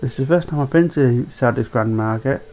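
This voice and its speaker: A man's voice: mid-range voice, fairly quick, a little mellow, natural voice, rough recording. A man voicing a reserved, formal young nobleman who speaks stiffly.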